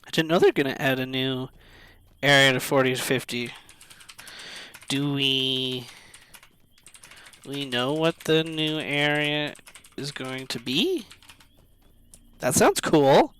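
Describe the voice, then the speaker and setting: A man casually commenting on an online game as he plays it on a live stream, musing aloud in halting self-talk. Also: mid-range voice, lively intonation, a bit bright, smooth.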